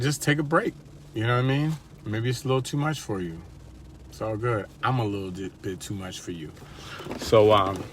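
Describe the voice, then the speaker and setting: A man's voice: mid-range voice, fairly bright tone. Laid-back slangy man, faint background noise. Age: adult with wife and kids. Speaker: vlogger. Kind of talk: casual motivational talk to camera.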